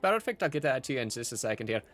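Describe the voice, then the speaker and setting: A man's voice: mid-range voice, sing-song, rapid-fire, fairly bright tone, a little hiss or hum. A man voicing a cheerful, chatty male tavern keeper in a tabletop game, eager and bubbly. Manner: bubbly and eager, says "aye" and "brilliant".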